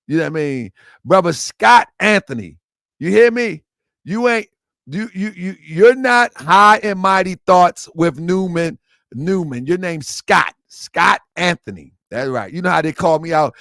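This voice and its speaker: A man hosting a livestream show, talking casually and excitably to viewers, repeating himself and laughing often. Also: high voice, unhurried, creaky, no room sound, clean studio sound.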